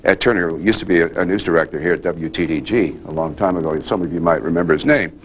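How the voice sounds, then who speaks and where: An older man, a journalist, answering questions at a press club and telling a story in a measured, deliberate way. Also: deep voice, slight background noise. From United States. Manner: measured, deliberate, with pauses and restarts. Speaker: guest speaker, journalist.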